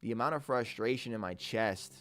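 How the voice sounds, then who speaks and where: A young man live-streaming his day trading, excitable and swearing often as he talks to his chat. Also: medium pitch, a little fast. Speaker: livestreaming day trader. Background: faint music.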